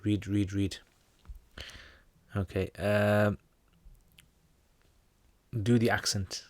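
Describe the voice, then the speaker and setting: Low-voiced British man, dry sound. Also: flat delivery, extremely slow, long pauses, no echo. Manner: chatty, reads questions aloud then answers informally. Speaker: Islamic teacher answering viewer questions. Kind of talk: casual livestream Q&A.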